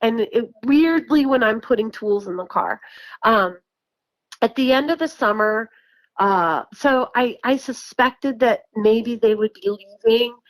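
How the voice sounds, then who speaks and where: A woman's voice: fairly high pitch, measured pace, dry recording, low-quality recording. A woman from New York casually telling her story in a chatty way, with frequent laughs, fillers and restarts. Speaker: guest recounting encounters.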